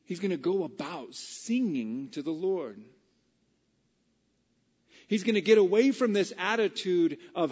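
A man preaching a casual, conversational Bible study sermon that builds to excited, emphatic peaks. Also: fairly high pitch, measured pace, pauses often, breathy edge, in a large hall, lo-fi sound.

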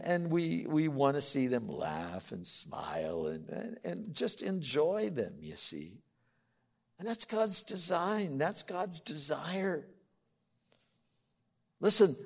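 An older male pastor delivers a sermon in a gravelly, somewhat high voice. He booms on the big points and drops to soft asides, and everything rings under a long church-hall reverb. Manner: booming, swings from loud emphasis to soft asides.

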